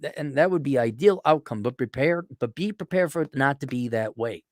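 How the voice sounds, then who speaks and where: Blunt, animated man ranting casually. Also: a little high, brisk, hardly any pauses, no room sound, studio quality. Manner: blunt, profane, acts out quoted exchanges. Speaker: commentator answering listener questions. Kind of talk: casual opinionated monologue.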